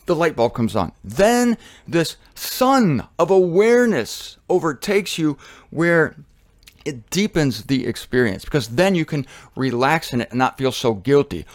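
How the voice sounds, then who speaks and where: A man giving a sermon in an animated, conversational way, often acting out voices. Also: fairly high pitch, measured pace, no echo, studio quality. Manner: animated, conversational, acts out quotes.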